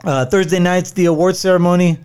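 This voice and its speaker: A man with a somewhat high voice tells a long travel story in a loose, rambling way. He swears freely and fills his talk with "uh" and "like." He restarts his sentences often and laughs easily. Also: steady tone, brisk, darkish tone, clean tone. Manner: rambling, profane, many fillers and restarts. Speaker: traveler recounting a work trip. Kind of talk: casual storytelling chat.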